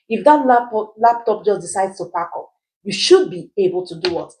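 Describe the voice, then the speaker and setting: In an explainer video, a woman teaches personal finance, posing rhetorical questions, answering them herself, and checking in with listeners by saying "right?". Her mid-range voice has lively intonation, a moderate pace, and a dark tone, on a low-quality recording.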